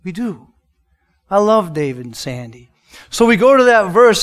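A man preaching a sermon as a pastor, telling a personal testimony and moving between loud emphatic lines and hushed soft ones. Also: high-pitched, big pitch swings, moderate pace.

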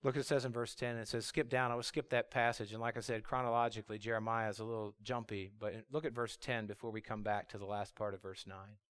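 A middle-aged man preaching a sermon, acting out the prophet's complaints with feeling and dropping low and quiet to read scripture. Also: fairly even intonation, fast, few pauses, smooth.

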